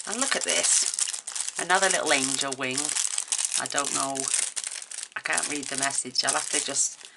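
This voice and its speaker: A crafting vlogger chats to camera while opening happy mail, gushing, emotional and sometimes tearful as she exclaims over each item. Her voice is rumbling and low, creaky and at a moderate pace, and the recording is very noisy.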